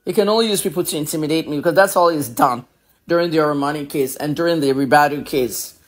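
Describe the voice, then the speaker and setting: A woman with a husky voice delivering a confrontational, profane rant in a social media video. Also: deep voice, fast talker.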